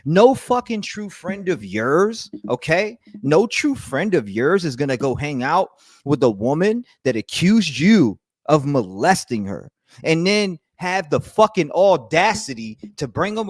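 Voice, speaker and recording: A man's voice: high voice, no room sound. A man hosting a live stream, ranting with heated, profane, rambling talk full of restarts and answering chat. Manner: reads and answers chat messages.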